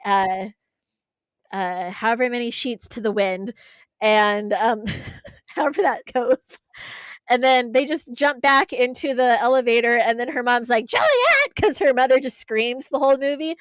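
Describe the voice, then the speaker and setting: A young woman co-hosting a podcast, chatting casually in a blunt, sarcastic way and retelling scenes with animated voices. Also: on the high side, measured pace, clear, resonant tone, no echo. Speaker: podcast co-host. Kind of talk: casual chat.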